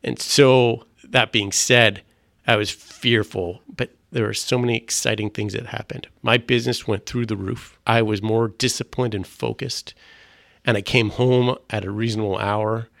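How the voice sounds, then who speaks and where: Earnest middle-aged man, gravelly low voice, halting testimony. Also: steady tone, a bit bright, dry recording, clean studio sound. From Canada. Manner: earnest, halting, with frequent restarts. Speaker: guest sharing a faith testimony. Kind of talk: personal testimony in conversation.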